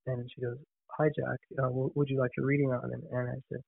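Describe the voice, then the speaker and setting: A man of middle pitch tells a story in easy conversation, animated and restarting often. His voice comes through a tinny phone line with no room around it. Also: quick pace, gravelly, dry recording. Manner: animated, restarts and repeats words. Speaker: podcast guest. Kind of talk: casual storytelling.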